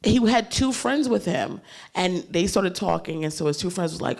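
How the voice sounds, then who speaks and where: A woman's voice: fairly low pitch, expressive, normal speed, vocal fry, a little mellow. A woman comedian on a panel, telling a story candidly and animatedly, swearing freely and laughing as she goes. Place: panel stage at a leadership summit.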